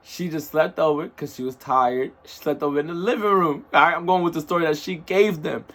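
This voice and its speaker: A man's voice: on the high side, a little fast, a bit bright. A man telling a personal story in a casual, rambling way, full of slang and asides.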